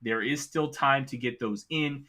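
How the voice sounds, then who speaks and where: A man's voice: mid-range voice, unhurried, over a noisy crowd. A man hosting a casual sports talk show, giving emphatic, opinionated takes with the hiccups. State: has the hiccups. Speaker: podcast host.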